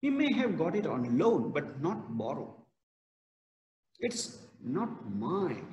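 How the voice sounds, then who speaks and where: A man lectures a class, his fairly high voice swinging up and down as he stresses words. He talks unhurriedly and deliberately. The sound rings around a reverberant hall with a long tail. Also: big pitch swings, a little mellow, highs cut off. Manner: slow, emphatic, stresses key words. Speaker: college lecturer.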